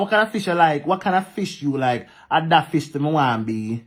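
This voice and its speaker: A man with a Jamaican accent ranting to camera in patois, animated and repetitive, talking back to commenters. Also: a little high, a little fast, hardly any pauses. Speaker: social media vlogger. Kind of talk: casual ranting monologue to camera.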